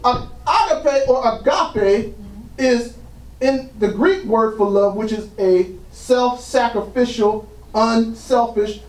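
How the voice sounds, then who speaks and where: A man's voice: very high-pitched, fairly even intonation, slow pace, a little mellow, recorded from a distance. A man preaching a sermon in a church, peppering his points with "praise God" as the congregation answers amen. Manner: punctuates lines with "praise God", drawing call-and-response. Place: church sanctuary. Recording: roomy, from the mic.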